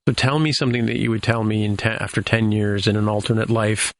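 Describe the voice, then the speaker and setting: A man's voice: lowish voice, fairly even intonation, fast. A man hosting a podcast, recapping a TV episode in a loose, rambling way with lots of fillers and restarts. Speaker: podcast host.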